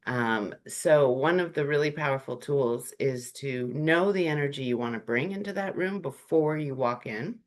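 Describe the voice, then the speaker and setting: Chatty, animated workshop presenter. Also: mid-range voice, moderate pace, few pauses. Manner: animated, acts out short quoted greetings; chatty, with frequent "um" and "like". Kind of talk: conversational workshop talk.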